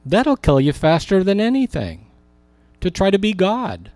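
A man preaching a sermon as a pastor, rising for emphasis and slowing down on key words. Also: sits high, wildly swooping pitch, darkish tone, no echo.

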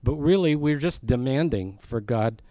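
A Bible teacher leads a study in an easy, conversational way, pausing to explain words and putting questions to his listeners. His mid-pitched voice is warm, with lively intonation at normal speed, and sounds dry and close with no room echo.

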